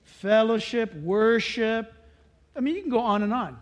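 A male pastor preaching in an animated, storytelling way, sliding between voices as he tells each story. His voice sits very high for a man, and his pitch swings widely from line to line. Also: unhurried. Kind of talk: sermon.

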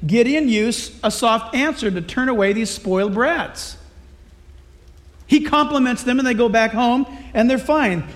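Male pastor, very high voice, lively and joking, conversational sermon delivery. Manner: lively, conversational, humorous preaching.

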